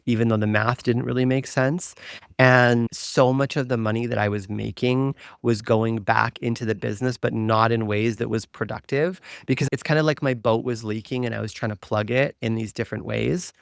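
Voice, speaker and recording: Male spiritual podcast host, gravelly, mid pitch, candid confessional monologue. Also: no echo, clean studio sound. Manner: earnest, confessional, fillers like "like". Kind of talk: reflective personal story, podcast monologue.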